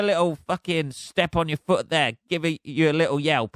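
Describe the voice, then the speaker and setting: A man hosts his own podcast, ranting and swearing in a casual, exasperated way. His voice sits fairly high for a man. It sounds dry and close, with no room echo. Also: normal speed, few pauses, a bit bright. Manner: sweary, exasperated, laughs at himself. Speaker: podcast host. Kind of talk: casual solo rant.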